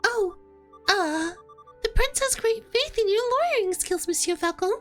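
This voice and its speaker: A high, squeaky little mouse of a man, stammering and flustered at every turn, as a woman puts him on. His voice leaps all over the place, and soft game music hums behind him. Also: expressive, normal speed. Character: tiny timid male mouse messenger.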